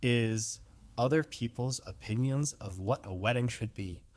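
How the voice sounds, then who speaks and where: A man's voice: medium pitch, unhurried, darkish tone. A man co-hosting a casual podcast from his own room, venting animatedly and acting out other people's remarks. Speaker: podcast co-host. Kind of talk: casual chat. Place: own room, recording remotely. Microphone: remote recording app.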